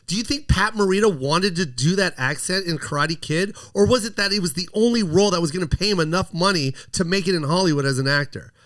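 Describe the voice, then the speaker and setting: Man, comedian guest, indignant, emphatic, repetitive, swearing, slightly high pitch. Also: fast, hardly any pauses, a bit bright. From United States. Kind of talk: heated conversational interview.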